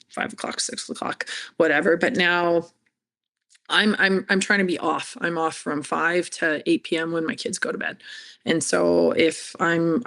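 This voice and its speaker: A woman's voice: lowish voice, a bit bright. A woman college hockey coach, talking candidly and telling stories in an interview. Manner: chatty, storytelling.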